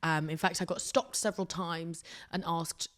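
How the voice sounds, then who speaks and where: A woman's voice: on the low side, fairly even intonation, moderate pace, a bit bright. A woman hosting her own podcast, telling stories in a rambling, self-mocking way with sudden drops to a whisper. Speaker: podcast host. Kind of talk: casual solo podcast chat.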